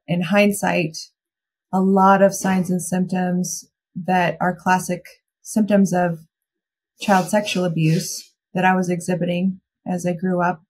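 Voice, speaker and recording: A woman's voice: fairly low pitch, a little mellow, slightly rough. A young adult woman giving a candid, reflective personal account as a guest in a podcast interview.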